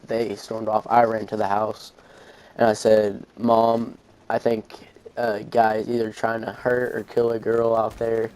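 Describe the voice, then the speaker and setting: A man's voice: on the low side, darkish tone, low-quality recording. A young man, telling a long story casually over gameplay, rambling with fillers and restarts. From Arkansas, USA. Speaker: gaming channel host.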